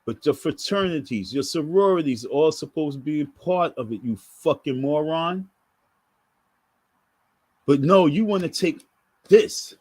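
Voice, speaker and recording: A man with a husky, somewhat high voice delivers a scolding rant to camera. He swears freely and drives each point home by repeating it. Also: expressive, unhurried, no room sound. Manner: scolding, profane, repetitive. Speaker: vlogger. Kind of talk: ranting monologue to camera.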